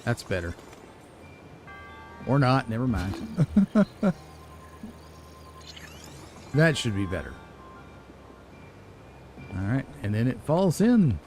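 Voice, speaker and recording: A man giving relaxed, musing commentary as he plays a video game, chuckling at himself now and then. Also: mid-range voice, a little slow, pauses often, faint music behind. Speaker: let's play gamer. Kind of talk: casual gameplay commentary.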